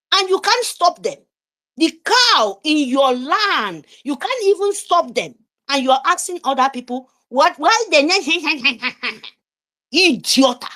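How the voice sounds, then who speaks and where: Woman, high and swooping voice, heated and scolding, political rant. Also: fairly bright tone. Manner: heated, scolding, repetitive questions. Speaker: participant in an online audio room. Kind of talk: impassioned political speech.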